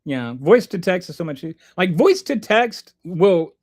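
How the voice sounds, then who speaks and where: A man with a fairly high voice talks through a casual livestream, reading chat messages aloud and commenting on them. His delivery rambles, with frequent restarts and asides, and it stays animated throughout. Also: measured pace.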